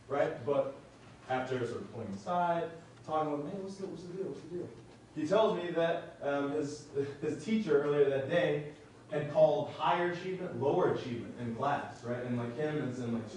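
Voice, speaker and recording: A man's voice: mid-range voice, a little hiss or hum. A man leads a live training workshop for a group, talking in a loose, conversational way and often tagging his points with "right?". He is picked up from some distance across the room. The space around him is echoey. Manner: conversational, many "right?" tags and restarts. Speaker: workshop facilitator. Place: large room with audience. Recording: roomy, from off-mic.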